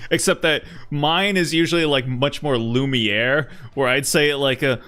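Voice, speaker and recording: A man's voice: medium pitch, pushed and bright. A man streaming a story game, teasing and laughing at the scenes. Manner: amused, laughing, slow and teasing. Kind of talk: casual game commentary.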